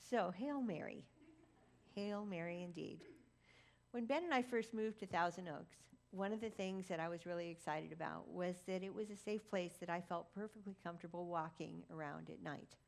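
A woman's voice: fairly low pitch, fairly quick, creaky, few pauses. Woman preacher with dry humor. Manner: humorous storytelling with dry asides; recites Latin prayer. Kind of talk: sermon.

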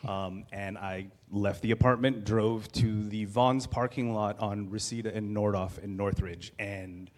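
A man in his thirties telling a candid personal story as a guest, animated and self-deprecating, acting out what was said. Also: on the low side, measured pace, few pauses.

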